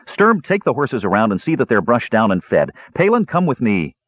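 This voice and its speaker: A man's voice: mid-range voice, huge pitch swings, normal speed, no echo, lo-fi sound. A man voicing a stern young warrior who bosses his younger brothers, sour and commanding.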